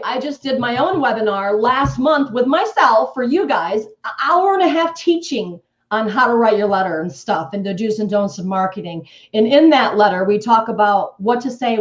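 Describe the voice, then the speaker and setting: A woman guest coach on a live webinar, talking emphatically and acting out sales scripts. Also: a little high. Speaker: guest real estate coach. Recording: echoey, dull lo-fi stream audio.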